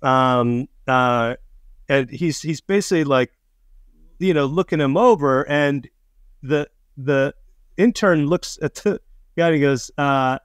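A man's voice: mid-range voice, moderate pace, smooth, dry recording, studio quality. A man casually telling a funny road story, acting out the voices of the people in it. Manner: animated, acts out quoted voices, laughs mid-story. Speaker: storyteller guest.

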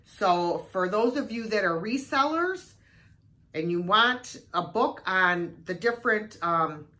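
A woman's voice: fairly low pitch, bright, forceful tone. An older woman chatting casually through a thrift haul video, exclaiming often as she shows off her finds.

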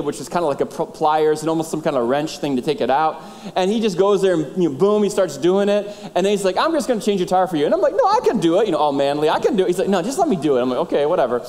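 A high-voiced middle-aged man preaching from the pulpit, telling a story with lively, animated delivery and acting out each person's lines. His voice carries a long reverb through a large church hall. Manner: animated storyteller, acts out dialogue. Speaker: pastor. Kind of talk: sermon storytelling. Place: church sanctuary.

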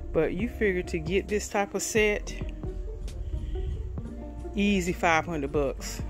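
A woman's voice: low voice, fairly even intonation, over music. Chatty Southern woman vlogging. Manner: chatty, folksy, quick to get riled up. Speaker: DIY vlogger. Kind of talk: casual vlog chat to viewers.

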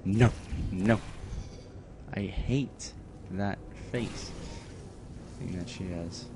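A man's voice: fairly low pitch, lively intonation, drawn-out words, creaky, pauses often, noisy background. A man commentating on a game he is playing, muttering to himself with sudden bursts of outrage. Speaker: gameplay commentator. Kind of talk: let's play commentary.

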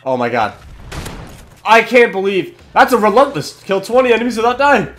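Young guy doing shooter commentary, swears a lot, voice jumps all over, kinda high. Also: moderate pace, a little hiss or hum. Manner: excitable, swears, shouts at kills. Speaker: gaming channel host. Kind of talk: gameplay commentary.

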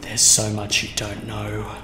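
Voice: mid-range voice, monotone, unhurried, very noisy, natural voice. A voice actor playing a lonely game creature wanting a friend. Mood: wistful. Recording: echoey game audio under music.

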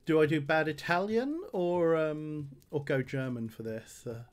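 A man's voice: on the high side, a little slow. A man streaming a game, reading item text aloud with dry jokes and plenty of fillers. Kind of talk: game livestream commentary.

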